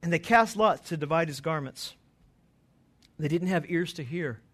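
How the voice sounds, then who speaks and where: A male pastor preaching a sermon slowly and emphatically, his voice swelling loud when he quotes scripture. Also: on the high side, lively intonation.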